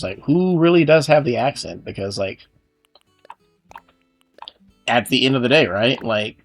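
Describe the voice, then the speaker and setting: A young man from Texas, USA, who hosts a gaming channel, talks over a game in a mid-range, fairly bright voice with a Texan accent. His commentary is loose and rambling, packed with fillers.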